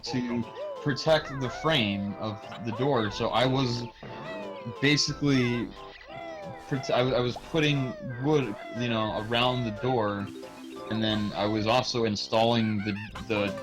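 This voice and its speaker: A man's voice: mid-range voice, steady tone, slow pace, low-quality recording. A young man, a speedrunner, chatting casually while playing, rambling and swearing with many restarts. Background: game music.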